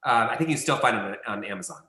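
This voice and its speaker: A man's voice: on the low side, animated, very fast, reverberant, very noisy. A man, a casting director guest, telling a long anecdote in a rambling, self-correcting way.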